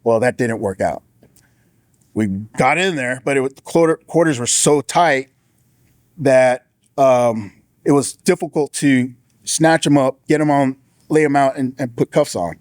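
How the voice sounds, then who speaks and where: A man, a former deputy, giving an earnest personal testimony in a casual storytelling way, with frequent restarts and raised-pitch impressions of the people he quotes. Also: measured pace, no room sound, clean studio sound.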